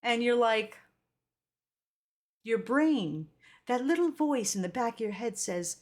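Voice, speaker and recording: Chatty high-voiced woman streamer. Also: takes it slowly, pauses often. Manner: animated, chatty, swears casually, reads viewer comments aloud. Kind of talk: casual live-stream chat.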